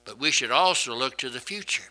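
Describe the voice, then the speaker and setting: A man's voice: mid-range voice, animated, fairly quick, pushed and bright, rough recording. A man preaching a sermon in an earnest, conversational way, often repeating and restarting his words.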